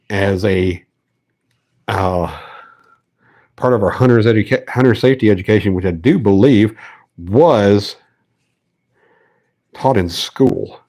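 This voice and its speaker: A man's voice: fairly low pitch, a little mellow. A man hosting a fishing channel, chatting casually while tying rigs, rambling with lots of fillers and restarts. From American South. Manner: rambling, self-deprecating, many fillers and restarts.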